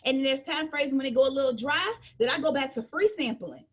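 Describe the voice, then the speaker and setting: High-voiced, emphatic woman trainer. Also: fairly quick. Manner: emphatic, repetitive, joking, preachy. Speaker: business trainer. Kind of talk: motivational training talk.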